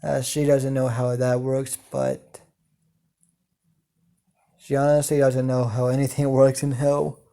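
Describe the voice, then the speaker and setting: A man narrating an improvised fan story, slow and halting with many ums and casual swearing. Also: medium pitch, flat delivery, vocal fry, dark tone.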